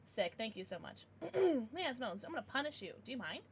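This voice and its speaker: Excitable high-voiced woman streamer. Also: a little fast, breathy edge. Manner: excitable, shrieks and laughs; chatty, swears, thanks chat. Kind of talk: live gameplay commentary.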